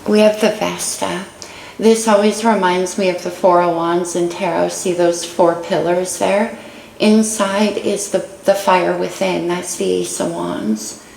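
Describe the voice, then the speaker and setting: A woman's voice: fairly low pitch, steady tone, unhurried, gravelly. A woman giving a casual tarot reading, chatting through each card she draws. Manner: chatty, warm-hearted commentary on cards. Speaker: tarot reader. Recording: echoey room, faint noise.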